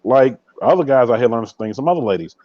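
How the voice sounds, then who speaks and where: A man hosts a live podcast and talks quickly and emphatically to his viewers. His voice sits at an ordinary pitch and sounds close and dry. The sound is a little muffled and lo-fi. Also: lively intonation, no room sound. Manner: emphatic, repeats catchphrases, speaks straight to viewers. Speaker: podcast host. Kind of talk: casual live-stream chat.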